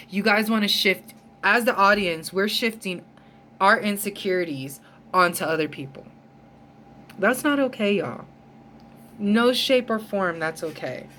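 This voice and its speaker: A woman's voice: medium pitch, a bit bright, a little hiss or hum. A woman vlogger ranting in a heated, emphatic way, with frequent swearing. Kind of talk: ranting storytime vlog.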